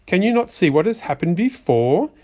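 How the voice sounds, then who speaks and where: A fussy, exasperated white rabbit from a rhyming storybook, put on by a man. He scolds in a sing-song way, his slightly high voice swooping up and down with lively pitch. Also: normal speed. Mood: sarcastic.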